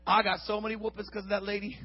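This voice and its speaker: A man telling a comic story on stage, acting out noises and shouting with big energy in a husky voice. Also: sits high, very fast, highs cut off. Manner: animated, acts out sound effects and shouts. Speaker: comedian. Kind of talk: stand-up storytelling.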